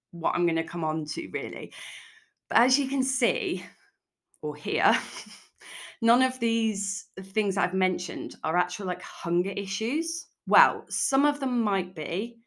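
Chatty woman with a low voice. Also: a bit bright. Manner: chatty, frank, peppered with "like". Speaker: podcast host and food coach. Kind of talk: casual solo podcast talk.

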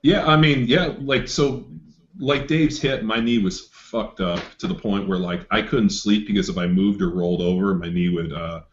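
A middle-aged man telling a story in casual chat, profane and animated. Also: lowish voice, moderate pace, a little hiss or hum. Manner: profane, animated, acts out quoted voices. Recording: slightly dull lo-fi audio.

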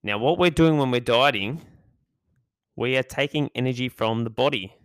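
A man's voice: mid-range voice, moderate pace, clear, resonant tone, no room sound, studio quality. Hyped-up man hosting a podcast. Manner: hyped, energetic, chatty. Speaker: podcast host. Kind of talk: casual podcast monologue.

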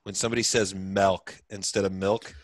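Low-voiced man hosting a podcast, dry sound. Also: normal speed, fairly bright tone, no echo. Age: young adult. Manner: profane, rambling storyteller. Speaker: podcast host. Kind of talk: casual podcast chat.

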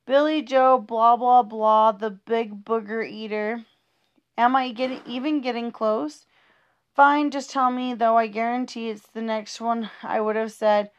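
A woman reads funny rhyming poems for kids with a bouncy, sing-song lilt. Her voice sits a little high, and she stumbles now and then as she reads. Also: fairly even intonation, measured pace, clear, resonant tone, highs cut off. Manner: playful, sing-song rhythm with small stumbles. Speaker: reader of children's poems. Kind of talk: reading humorous rhyming poems aloud.

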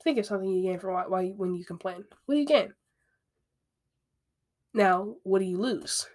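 A woman's voice: mid-range voice, normal speed, darkish tone. A woman hosting a podcast, talking through self-help advice in a candid, conversational way, with frequent asides and repeated phrases. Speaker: podcast host. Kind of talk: casual self-help monologue.

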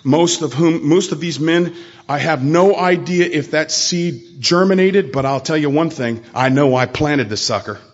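A man's voice: on the high side, unhurried, lo-fi sound. A man at a convention sharing his recovery story, speaking earnestly and directly to his audience. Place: convention hall talk.

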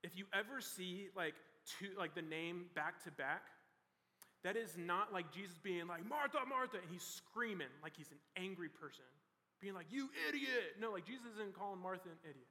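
A young man preaches to students in a relaxed, conversational way, peppering his talk with fillers. His voice sits high and bright. It rings out with a long reverb through a large hall. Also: normal speed. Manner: casual and conversational, full of "like" and "you know". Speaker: youth pastor. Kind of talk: youth sermon.

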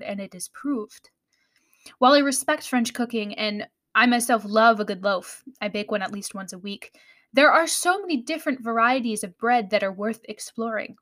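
A woman's voice: on the high side, fairly bright tone. An American woman hosting a podcast, explaining baking in a friendly way with small laughs and self-corrections. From United States. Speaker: podcast host. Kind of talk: scripted podcast narration.

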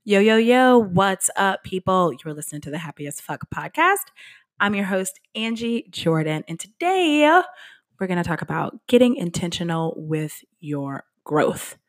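A woman's voice: fairly low pitch, very animated, measured pace. A woman hosting her own podcast in casual solo chat, out of breath and candid, laughing at herself. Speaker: podcast host. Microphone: podcast microphone.

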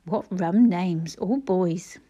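A woman's voice: on the low side, slow, warm tone, dull audio. A woman voicing a plucky injured boy. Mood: feeble, friendly. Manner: weak, hearty, schoolboyish.

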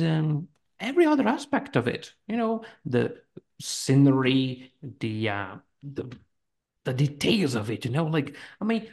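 Gravelly-voiced man chatting casually. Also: medium pitch, darkish tone. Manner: rambling, many fillers, laughs often. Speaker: podcast co-host. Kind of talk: casual podcast chat.

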